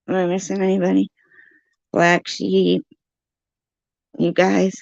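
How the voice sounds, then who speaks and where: Slow, gravelly woman on a livestream. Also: mid-range voice, completely flat delivery, a little mellow, dry recording, lo-fi sound. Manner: confused, pleading with chatters, laughing often. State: dry mouth. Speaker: livestream host reading live chat. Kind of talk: casual livestream chat.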